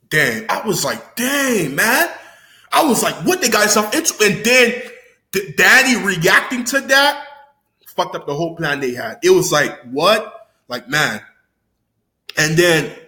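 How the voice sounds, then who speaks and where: Hyped young guy ranting about last night's episode, bright high voice, echoey room. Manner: animated, slangy, swears freely, loud exclamations. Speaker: YouTuber reviewing a TV episode. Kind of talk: excited casual recap.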